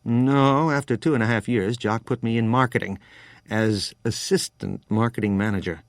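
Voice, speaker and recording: A man's voice: mid-range voice, moderate pace, dry recording, close to an everyday voice. A man voicing a frank, world-weary American wine trader in his forties, close to his own reading voice.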